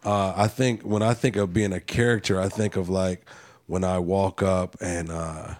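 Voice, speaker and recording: A man's voice: sits low, little pitch movement, normal speed, a little mellow, dry recording. A man speaking as a roundtable guest, laid-back and joking, laughing easily. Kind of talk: casual roundtable discussion.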